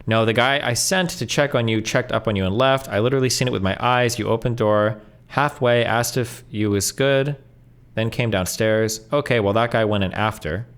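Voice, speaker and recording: A male streamer reading messages aloud quickly, breaking in with blunt asides and swearing. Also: on the low side, smooth. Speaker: streamer reacting to online posts.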